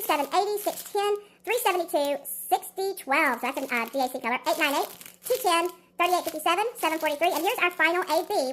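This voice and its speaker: Chatty woman vlogger, sped-up chipmunk playback, very high and rapid, faint hiss behind. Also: a bit bright. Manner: chatty, counts aloud, self-teasing. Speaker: diamond painting vlogger. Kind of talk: casual unboxing chat.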